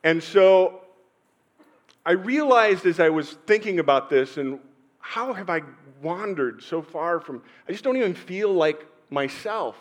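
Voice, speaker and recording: Slightly high-voiced middle-aged male pastor preaching. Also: lively intonation. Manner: personal storytelling with pauses and sudden swells in loudness. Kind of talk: sermon.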